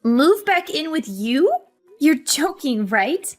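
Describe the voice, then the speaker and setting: A woman voicing a hurt but defiant young adult daughter in an animated story, talking in an earnest, emotional way. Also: high-pitched, slow pace, soft background music, full character voice.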